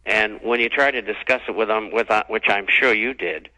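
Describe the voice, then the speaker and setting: A male radio guest with a low, bright and firm voice. He talks haltingly, stopping often to hunt for words and starting over. His tone stays measured and serious. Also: poor audio. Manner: halting, lots of uhs and restarts. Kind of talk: talk radio interview.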